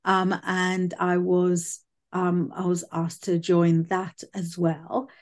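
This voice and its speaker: A woman from the UK with a quirky, unusual voice, chatting loudly as a guest over a video call. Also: lowish voice, completely flat delivery, takes it slowly. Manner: loud, chatty, laughs often. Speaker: guest psychic medium. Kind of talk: casual interview chat.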